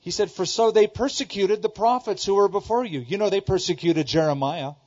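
Man, middle-aged, pastor, from southern california, sermon, emphatic and repetitive, somewhat high voice, muffled lo-fi recording. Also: brisk. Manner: emphatic, repeats key phrases, shifts between loud exclamations and quiet asides.

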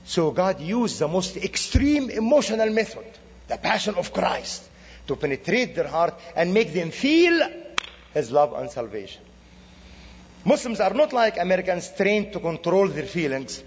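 Animated man preaching in an echoing hall. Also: sits high, normal speed, slight background noise. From Middle East. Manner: animated storytelling with quoted dialogue. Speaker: guest speaker. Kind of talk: sermon. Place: church sanctuary. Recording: dull lo-fi recording in a reverberant hall.

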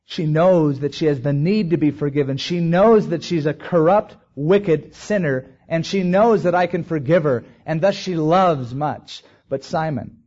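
A man preaching a sermon as a pastor, rising to emphatic peaks and slowing down to stretch key words. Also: on the high side, darkish tone, breathy edge. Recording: dull lo-fi recording.

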